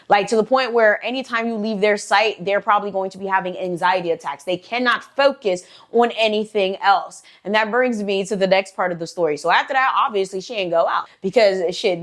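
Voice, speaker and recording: A woman's voice: mid-range voice, fairly bright tone. A woman hosting a storytime channel, telling a story casually with lots of slang, "like" fillers and swearing.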